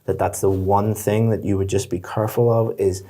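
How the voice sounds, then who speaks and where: Male native-English tutor, low warm voice, patient and encouraging, one-on-one exam feedback. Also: little pitch movement, moderate pace. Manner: patient, encouraging, explains step by step. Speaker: IELTS speaking teacher.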